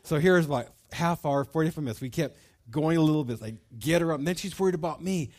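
A middle-aged man telling a personal story at a bible study, folksy and animated, with many fillers. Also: a little high, fast talker.

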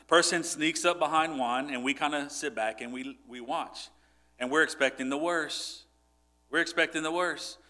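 A man's voice: on the high side, pushed and bright. A man preaching a sermon and telling a personal story in a conversational way, with frequent restarts and repeated words.

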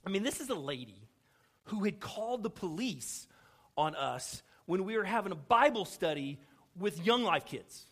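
A middle-aged man from Houston preaches through a personal story. His voice sits a little high, and he acts out each quoted line while poking fun at himself. It is a lively, humorous sermon delivery. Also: measured pace. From Houston, Texas. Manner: animated storyteller acting out quoted dialogue, self-deprecating humor. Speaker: pastor.

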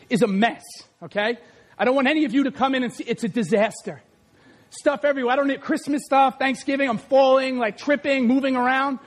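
A male pastor with a very high voice delivers a lively sermon. He acts out scenes and raises his voice to a shout at the peaks. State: out of breath after acted run.

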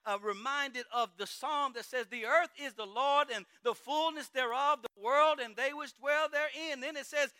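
A man's voice: extremely high pitch, pushed and bright, no echo. A man preaching a sermon in a church, driving his points with repeated rhetorical questions.

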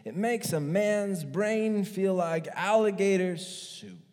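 A male pastor preaching a sermon in an animated, joking way, acting out stories as he goes. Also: high voice, slow pace, long reverb tail.

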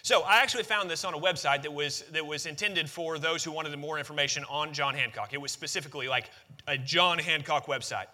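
A man's voice: a little high, fairly quick, pushed and bright. A man preaching a sermon to a congregation into a microphone, reading scripture and then talking conversationally, asking the room questions. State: out of breath after reading. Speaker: pastor. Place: church sanctuary with congregation.

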